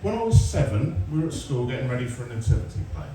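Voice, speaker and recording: A man in his forties from England performs a sarcastic, sweary stand-up set at a comedy club, full of stories and crowd chat. His mid-range voice is warm and sing-song at a quick pace. It's recorded from a distance in a roomy live venue, with a little hiss or hum, the crowd, and audience laughter.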